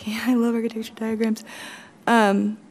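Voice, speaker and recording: A woman speaking on stage at a tech conference as a company chief, blunt and profane, with quick self-mocking asides. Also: a little high, little pitch movement, a little mellow, slight background noise. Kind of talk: live conference talk. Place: large conference hall stage.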